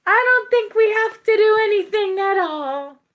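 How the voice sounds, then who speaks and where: A woman's voice: extremely high pitch, animated, normal speed, a bit bright, voice pushed up. A woman voicing a stubborn, clever little girl in a read-aloud picture book, speaking firmly.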